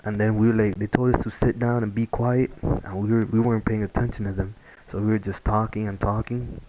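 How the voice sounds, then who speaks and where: A man's voice: fairly low pitch, level tone, a little fast, dark tone, muffled recording, a little hiss or hum. A young man telling a casual story-time tale, rambling with many fillers and restarts. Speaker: vlogger.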